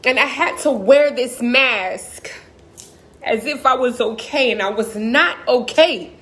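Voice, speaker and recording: A woman's voice: fairly high pitch, slow, fairly bright tone. A woman, giving an impassioned, emotional personal monologue as a motivational speaker. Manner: impassioned, talks straight to the audience.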